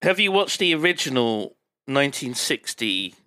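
A man's voice: medium pitch, very animated, normal speed, pushed and bright, no room sound. A man hosting a casual movie podcast, teasing his co-hosts and swearing freely. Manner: crude, teasing, swears a lot. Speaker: podcast host. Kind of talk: casual chat.

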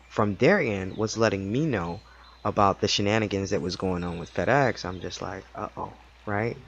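An animated man tells a story in a casual podcast monologue. He acts out the people he quotes and laughs often. His pitch sits in the middle, and the recording sounds a little dull and lo-fi. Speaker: podcast host.

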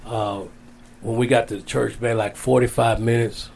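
A man's voice: medium pitch, fairly even intonation, normal speed, creaky, darkish tone, slight background noise. A man as an interview guest, telling a long personal story in a casual, rambling way, repeating his phrases. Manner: rambling, repeats phrases, folksy Southern-style speech.

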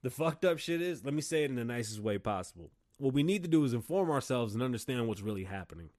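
A man's voice: mid-range voice, lively intonation, quick pace, darkish tone. A man from Las Vegas hosting his own podcast, talking in a blunt, profane monologue. He argues his opinions hard, and his voice rises in heated bursts when a point gets to him. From Las Vegas, Nevada. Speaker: podcast host.

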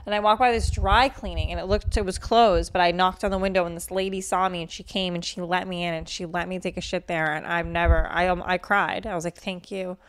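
A woman's voice: fairly low pitch, fairly even intonation, quick pace, hardly any pauses, smooth. Woman comic on a podcast, crude and blunt, just chatting loose into the mic. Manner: brash, crude, self-mocking storytelling. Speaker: comedian podcast host. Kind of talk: casual podcast chat.

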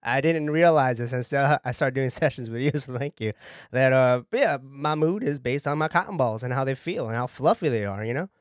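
A man's voice: medium pitch, lively intonation, fairly quick, no room sound, clean studio sound, natural voice. A man playing a laid-back therapy client with a Southern accent and cotton balls for eyes, in an improvised comedy sketch. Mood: content.

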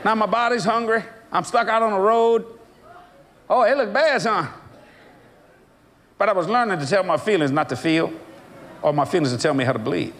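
A man's voice: high voice, moderate pace, long pauses. A man preaching a sermon, telling a story and laughing as he goes. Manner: animated, laughs through his story.

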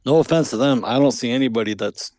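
A man's voice: mid-range voice, fast talker, darkish tone, dry recording. Male podcast co-host, mid-range voice, easygoing, short casual remarks. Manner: brief, easygoing interjections and questions. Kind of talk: casual chat.

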